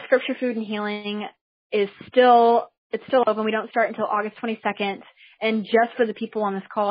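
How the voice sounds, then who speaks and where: Woman host, chatty and eager, husky tone, muffled call recording. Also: medium pitch. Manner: enthusiastic, chatty, with restarts. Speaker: host of a teleseminar. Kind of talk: casual talk to listeners on a call.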